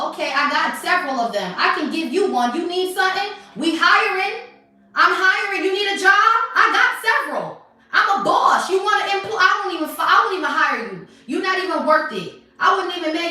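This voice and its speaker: A high, bright-voiced woman doing a livestream tarot reading who lashes out at her viewers with a torrent of profanity. She sounds set back from the mic in a very echoey room, with faint music underneath. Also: distant mic. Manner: profane, confrontational, scolding viewers. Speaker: tarot reader.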